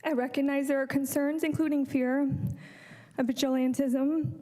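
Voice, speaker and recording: Public delegate, woman, high voice, earnest prepared statement, self-correcting, in a reverberant chamber. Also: steady tone, moderate pace, mellow. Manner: earnest, apologizes and corrects herself mid-sentence. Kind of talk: reading a prepared statement to council. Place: council chamber lectern.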